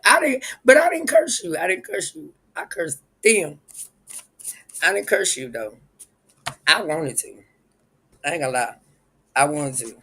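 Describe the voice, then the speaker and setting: A man's voice: a little high, animated, unhurried, vocal fry, long pauses, bright, forceful tone, husky, rough recording. A man hosting a casual live stream, rambling and chuckling as he talks straight to his viewers.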